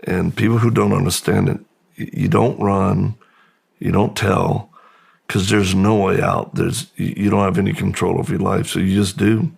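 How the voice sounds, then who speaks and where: A middle-aged man speaks as an interview guest, slow and halting, often pausing and restarting. His voice sits very low and is deeply gravelly. It is husky throughout. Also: level tone, darkish tone. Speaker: podcast guest. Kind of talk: personal testimony in a long-form interview.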